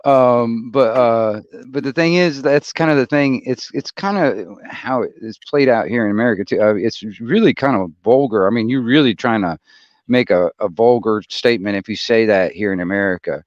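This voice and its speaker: A man talking casually on a group call, halting with many fillers. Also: mid-range voice, no room sound. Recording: dull lo-fi call audio.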